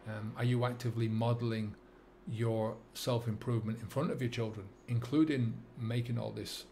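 A middle-aged man with a Dublin accent, talking to camera as a sobriety coach, earnest and halting with many fillers and restarts. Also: medium pitch, fairly even intonation, warm tone, slight background noise. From England and Ireland. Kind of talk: reflective monologue to camera.

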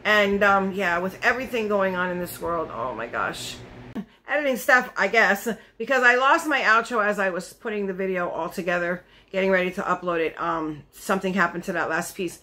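A woman's voice: mid-range voice, normal speed, sharp tone, rough recording. A woman beauty vlogger, chatting casually to camera in a rambling way with frequent restarts.

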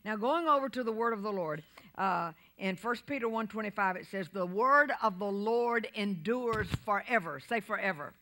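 A middle-aged woman pastor preaching a sermon in a church, swinging from quiet talk to loud shouts and leading call-and-response. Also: mid-range voice, lively intonation, moderate pace. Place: church sanctuary.

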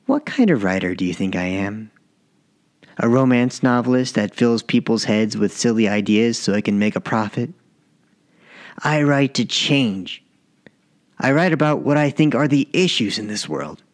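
A man's voice: lowish voice, normal speed, darkish tone, natural voice. A man voicing an ambitious, impatient young male writer in an audiobook story, talking with urgent insistence. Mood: impassioned.

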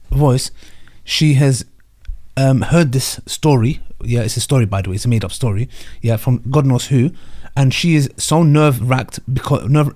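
A man hosting a reaction discussion, commenting in an animated way and mixing in Arabic religious phrases. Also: medium pitch. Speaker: host reacting to a debate clip. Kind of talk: casual commentary.

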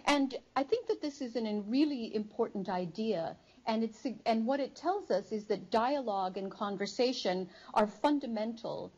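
A woman psychology professor giving an academic lecture to a live audience, explaining in a measured way with frequent ums and uhs. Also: a little high, lively intonation, darkish tone, lo-fi sound. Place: studio before a live audience.

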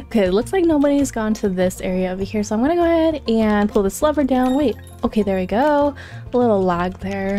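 A young woman hosting a gaming channel, giving excitable, giggly play-by-play commentary while keeping her voice down. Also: fairly high pitch. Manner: excitable, gasping and giggling, talking quietly. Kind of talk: casual gameplay commentary.

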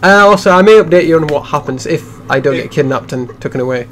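A man's voice: a little high, expressive, fast talker, fairly bright tone, a little hiss or hum. A young man hosting a game playthrough, telling a rambling story with many restarts in casual chat. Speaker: let's play host.

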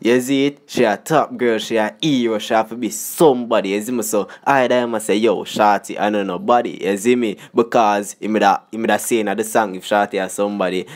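A man's voice: lowish voice, steady tone, fairly quick, hardly any pauses. Jamaican man in chatty vlog commentary. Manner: chatty, repeats "you see me" constantly. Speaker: vlogger. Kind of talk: casual commentary on song lyrics.

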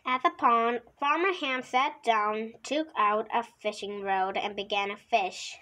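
A woman's voice: fairly high pitch, pushed and bright, low-quality recording. A woman reading a children's picture book aloud, with the odd slip and restart. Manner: slow, unhurried reading with occasional slips and restarts. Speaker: storybook reader.

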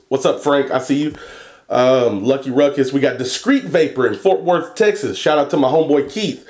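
A young man talking casually in a vlog, cursing and joking as he reads a long list of shout-outs and stumbles over place names. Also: fairly high pitch. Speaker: vlogger and e-liquid maker.

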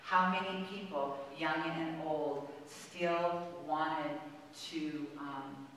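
Low-voiced woman in her sixties, echoey hall. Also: fairly even intonation, very slow, a bit bright, distant mic, a little hiss or hum. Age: 60s. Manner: chatty, exclamatory, personal storytelling with frequent ums. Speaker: speaker at a spiritual center. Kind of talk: conversational spiritual talk. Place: large hall of a spiritual center.

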